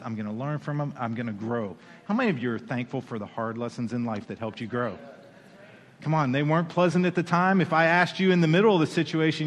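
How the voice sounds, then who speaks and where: Animated preacher man in a big echoing hall. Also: medium pitch. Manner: animated, playful asides, acts out quoted voices. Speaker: pastor. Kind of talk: sermon.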